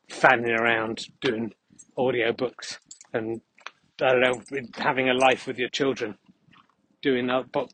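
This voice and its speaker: A man's voice: mid-range voice, background noise, close to an everyday voice. A man putting on the voice of a furious longtime podcast fan who rants and swears. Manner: ranting, threatening.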